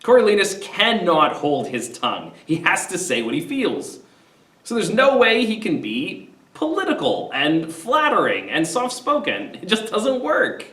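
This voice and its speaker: A man hosting a casual, animated play summary, retelling scenes with quick put-on voices. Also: sits high. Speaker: literature discussion host. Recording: roomy echo, mic at a distance.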